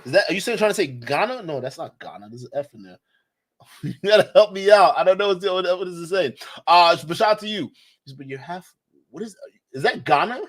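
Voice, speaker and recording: A man's voice: high voice, lively intonation, a little fast. Guy on a livestream rambling thru super chats, jokey, laughs a lot. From Nigeria. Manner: joking, rambling, laughs often, shouts out viewers. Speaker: livestream commentator. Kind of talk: casual livestream commentary reading super chats.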